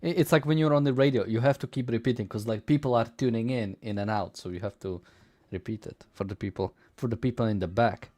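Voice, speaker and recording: A man's voice: mid-range voice, fast, warm tone. A man co-hosting a live stream, making offhand, joking remarks. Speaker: co-host. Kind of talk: casual stream banter.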